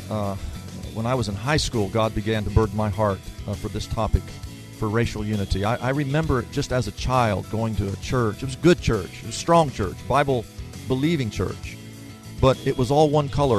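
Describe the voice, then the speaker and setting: A man, a pastor, giving the closing remarks of a radio program in a halting, earnest way. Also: lowish voice. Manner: halting and earnest, with many fillers and restarts. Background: soft guitar music.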